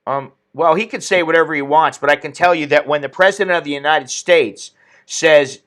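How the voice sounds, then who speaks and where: A man's voice: a little high, unhurried, a bit bright. A man hosting an opinionated commentary stream, ranting indignantly and reading viewer comments aloud. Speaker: political commentary host.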